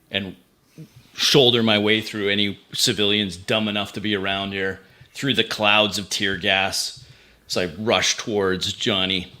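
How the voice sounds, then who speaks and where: A man playing a tabletop sci-fi game, briskly describing his character's actions. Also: fairly low pitch, pushed and bright. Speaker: player.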